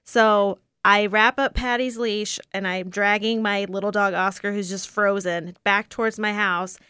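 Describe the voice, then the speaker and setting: A woman in her late twenties telling a story casually, animated and laughing often. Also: mid-range voice, a little slow, clear, resonant tone, no echo, clean studio sound. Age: late 20s.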